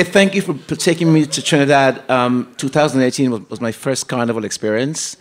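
A man's voice: medium pitch, brisk. A man judging a talent show, teasing the contestant with a laugh and then giving thankful, encouraging feedback. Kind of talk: judge's feedback.

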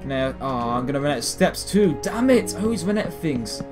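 British young man, late teens, gameplay commentary, rambling, excitable, faint music behind. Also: fairly high pitch, brisk. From Britain. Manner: rambling, excitable, self-mocking. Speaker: gaming video host.

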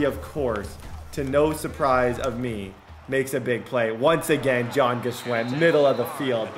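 A young man giving excitable commentary while playing a football video game, often bursting into loud shouts over big plays. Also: medium pitch. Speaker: gaming YouTuber. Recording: echoey room with game music behind.

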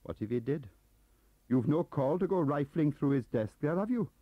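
A man's voice: on the high side, expressive, normal speed, dry recording, voice pushed up. A man voicing a fawning, anxious Welsh clerk with a pleading, sing-song voice. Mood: indignant. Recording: muffled tape audio.

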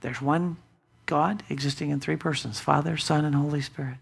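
Male pastor, emphatic sermon delivery, swings from loud to hushed, church sanctuary. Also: on the high side, fairly even intonation, normal speed, creaky, slightly rough. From United States.

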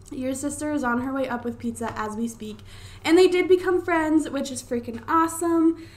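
A young woman giving casual, excitable gameplay commentary at home into a desktop microphone, swearing freely. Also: high voice, normal speed. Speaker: let's play gamer. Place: home room. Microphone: desktop USB microphone.

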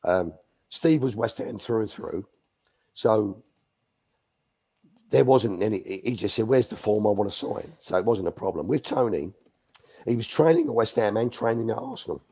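A man's voice: fairly low pitch, lively intonation, moderate pace, pauses often, dark tone, breathy edge. An older man, a former youth coach, telling anecdotes as a guest in a live Q&A, restarting sentences as he goes. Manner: chatty, restarts sentences, acts out quotes.

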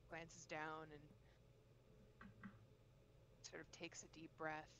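A woman narrating her character at a tabletop game, soft and halting, trailing off mid-thought. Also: low-pitched, monotone, noisy background. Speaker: tabletop player.

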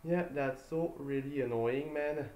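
Exasperated man streamer, slow and sighing. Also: mid-range voice, a little mellow. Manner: exasperated, sighing, repeats himself. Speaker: game streamer. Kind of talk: casual live-stream chat. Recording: roomy echo.

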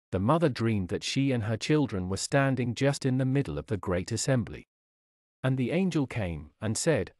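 Male sermon reader, solemn and dramatic, wide-ranging pitch, dry close sound. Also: very animated, moderate pace, a little mellow, dry recording. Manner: solemn, declamatory, rises and falls dramatically. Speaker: preacher. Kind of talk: reading a sermon aloud.

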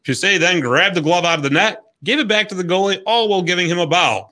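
A man's voice: high-pitched, quick pace, pushed and bright. A man hosting a hockey podcast, reading a scripted history segment in an upbeat, jokey storytelling way. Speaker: podcast host.

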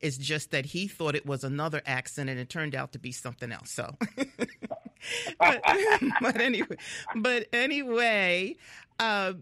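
A woman's voice: fairly low pitch, expressive, measured pace, bright, forceful tone, no echo. A woman from the Philadelphia area hosting a casual radio interview, chatty and laughing often. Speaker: radio host.

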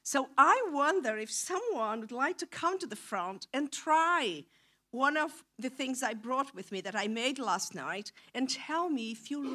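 A woman's voice: high-pitched, sharp tone. A middle-aged woman from Brazil with a Brazilian accent, giving a playful, coaxing children's talk in church. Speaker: visiting mission speaker. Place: church hall.

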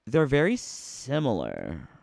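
A man's voice: medium pitch, wildly swooping pitch, slow pace, vocal fry, darkish tone, dry recording, clean studio sound. A man giving casual, playful commentary on video game costumes, sassy and full of rhetorical questions. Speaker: gaming YouTuber.

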